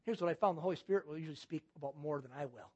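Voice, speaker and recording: A man's voice: on the high side, very fast, dull audio. A man preaching a sermon as pastor, using repetition and rhetorical questions.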